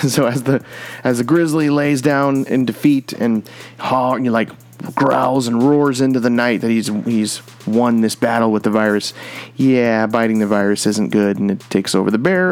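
A man's voice: medium pitch, normal speed, soft background music. A man hosting a comic book podcast, talking through his picks in an enthusiastic, rambling way with lots of restarts. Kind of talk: casual comic review monologue.

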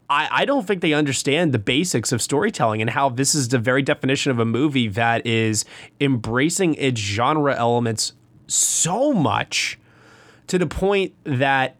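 A man's voice: medium pitch, a bit bright, dry recording. A man hosting a podcast, chatting casually and gushing with enthusiasm about a film. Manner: enthusiastic, gushing, repeats himself. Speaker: podcast host. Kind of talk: casual film review chat.

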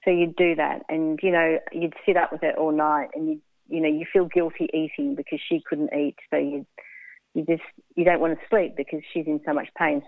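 Low gravelly woman on a phone line. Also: no room sound. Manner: frank, blunt, halting with fillers and restarts. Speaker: interview guest. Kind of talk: candid emotional storytelling.

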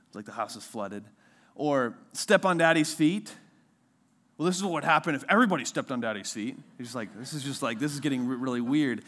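Male pastor, 30s, casual animated sermon delivery, average pitch, jumps high for quoted voices. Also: quick pace.

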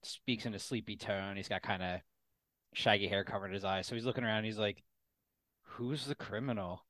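A man's voice: fairly low pitch, steady tone, fast talker, a bit bright, dry recording. A man playing a tabletop game, casually describing his character's actions. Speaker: player. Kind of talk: tabletop role-play.

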